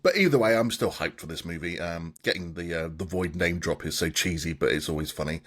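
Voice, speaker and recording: A man co-hosting a casual podcast, upbeat and quick, often hedging his views. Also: sits low, lively intonation. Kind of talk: casual chat.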